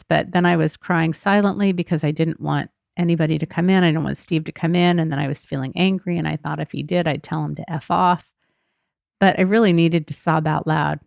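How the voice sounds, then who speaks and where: A woman's voice: lowish voice, vocal fry, a little mellow, dry recording, studio quality. A middle-aged woman hosting a podcast, telling a personal story in a candid, reflective way. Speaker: podcast host.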